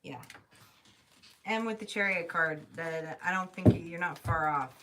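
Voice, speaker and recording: Low-voiced woman reading tarot live. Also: unhurried, a bit bright. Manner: emotional, thinking aloud, swears casually. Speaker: tarot reader. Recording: distant mic with faint noise.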